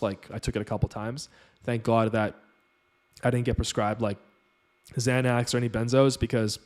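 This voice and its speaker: Man, vlogger, personal story, rapid, rambling, earnest. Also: medium pitch, darkish tone. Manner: rambling, earnest retelling with lots of fillers. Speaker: channel host.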